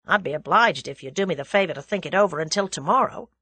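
A woman's voice: fairly low pitch, animated, quick pace, a bit bright, husky, dry recording, full character voice. A woman reading an audiobook, voicing an earnest young American man who talks in a persuasive way.

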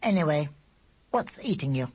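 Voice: mid-range voice, animated, moderate pace, a little mellow, breathy edge, pitched above the performer's own voice. A reader voicing a clever talking baby boy who speaks in a dry, patient, know-it-all way. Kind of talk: audiobook character voice.

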